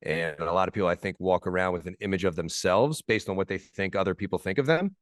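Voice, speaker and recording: A man from New Jersey talks as a laid-back podcast guest, loose and slangy, often trailing off into quieter asides. His voice sits a little low, and the sound is dry and close with no room around it. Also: quick pace, no room sound. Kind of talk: casual podcast chat.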